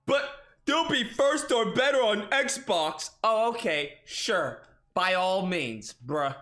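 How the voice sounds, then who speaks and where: A man's voice: high voice, expressive, takes it slowly, a bit bright. A man in a gaming video, taunting in a dopey, exaggerated put-on voice. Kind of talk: mocking put-on gamer voice.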